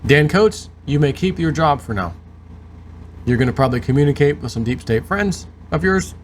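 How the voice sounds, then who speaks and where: A man hosting his show reads news aloud, then breaks off into sarcastic asides. His voice is fairly high and animated at normal speed, with slight background noise.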